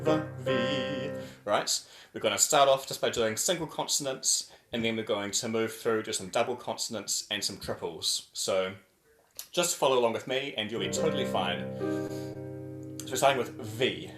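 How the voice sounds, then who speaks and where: A man leading a choir warm-up over a video call, playful and over the top as he chants drills. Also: lowish voice, echoey room.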